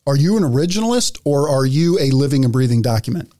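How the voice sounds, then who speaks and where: A man co-hosting a podcast, animated and jokey, acting out little scenes as he talks. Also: medium pitch, fast talker. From Tennessee. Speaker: podcast co-host. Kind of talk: casual podcast banter.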